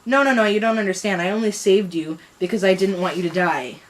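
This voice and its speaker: A young woman voicing an excitable young boy time-traveler, reading him in a loud, yelping, overexcited voice. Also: medium pitch, a little fast, natural voice. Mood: insistent.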